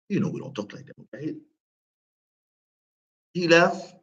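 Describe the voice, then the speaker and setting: A man's voice: on the high side, animated, a little slow, pauses often, fairly bright tone, highs cut off. A man teaching an Arabic class, talking casually, repeating phrases and asking his students questions. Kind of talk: live classroom lesson.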